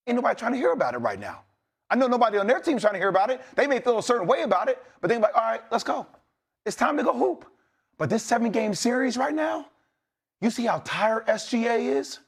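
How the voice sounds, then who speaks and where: Man, high voice, blunt, streetwise, former player, passionate sports talk. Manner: blunt, streetwise, builds to impassioned rants. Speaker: former player, guest analyst.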